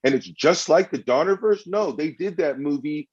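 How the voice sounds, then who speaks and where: A man's voice: a little high, lively intonation, normal speed, slightly rough. Guy ranting hard about movies, swears a bunch, kinda muffled lo-fi audio. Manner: loud, argumentative, swears a lot. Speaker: podcast debater. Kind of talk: heated comedic debate. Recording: dull lo-fi sound.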